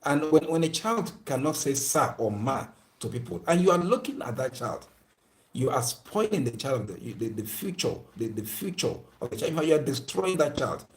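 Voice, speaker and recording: A man lectures his viewers in a preachy, emphatic way. His voice sits at a middling pitch, and he returns again and again to the same phrases to drive his point home. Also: sing-song, moderate pace. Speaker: speaker addressing viewers. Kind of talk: moralizing lecture.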